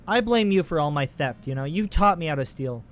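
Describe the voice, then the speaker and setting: A man's voice: on the high side, expressive, brisk, faint music behind. A man in his twenties giving casual, profane, rambling commentary while playing a video game. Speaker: let's play host.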